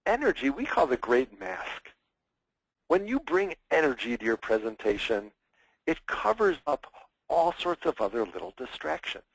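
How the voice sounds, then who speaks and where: A man teaching public speaking in a webinar, energetic and expressive, acting out examples in mock voices. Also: mid-range voice, moderate pace, creaky, slightly rough, no echo, low-quality recording. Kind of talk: webinar presentation.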